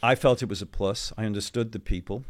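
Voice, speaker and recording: A middle-aged man, a guest in an interview, telling anecdotes in a chatty, animated way with many asides. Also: fairly low pitch, fast talker. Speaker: interview guest, former football club CEO. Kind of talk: conversational storytelling.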